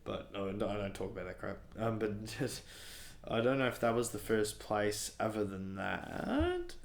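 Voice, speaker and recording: Low-voiced laid-back man. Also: big pitch swings, normal speed, creaky. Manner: laid-back, rambling, laughs often. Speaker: wrestler guest. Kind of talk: casual chat.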